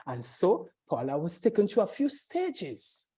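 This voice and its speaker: A woman speaking in a webinar, telling a dramatized story in an expressive, repetitive way. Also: fairly low pitch, measured pace.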